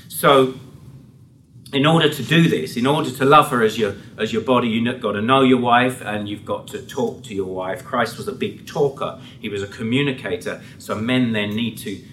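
A man's voice: medium pitch, normal speed, fairly bright tone, slight background noise. A man, a pastor, preaching a sermon in an earnest, conversational way with frequent restarts. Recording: roomy hall, voice from a distance.

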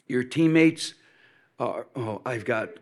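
A man giving a sermon-style lecture to a seminary class, hoarse and coughing often, speaking haltingly with many pauses and restarts. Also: medium pitch, fairly bright tone. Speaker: preacher teaching a seminary class.

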